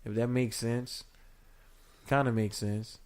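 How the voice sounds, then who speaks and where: Playful male podcast co-host, rambling and animated, average pitch. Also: slow pace. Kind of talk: casual chat.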